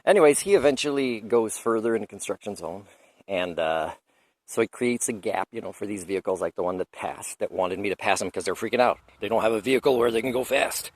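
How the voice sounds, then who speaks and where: A man's voice: lowish voice, fairly quick, no room sound. A man with a French accent talking in a rambling, opinionated roadside monologue, chuckling as he goes. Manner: opinionated, digressive, chuckles often. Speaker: vlogger. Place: outdoors by a road, on a motorcycle trip.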